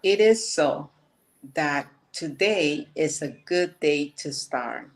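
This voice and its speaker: A woman calmly leading guided breathing and affirmations. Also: sits low. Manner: calm, measured guidance. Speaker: spiritual teacher.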